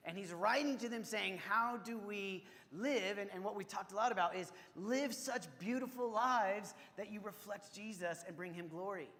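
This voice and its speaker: Pastor, male, high voice, chatty off-the-cuff preaching style, church reverb. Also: pushed and bright. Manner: conversational, many restarts, acts out quotes with rising intensity. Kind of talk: sermon. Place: church sanctuary.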